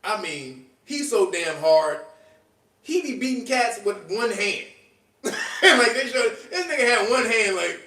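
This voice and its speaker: A man hosting a podcast in casual commentary, animated and slangy, laughing often. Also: high voice, unhurried. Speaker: podcast host. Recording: echoey room, distant from mic.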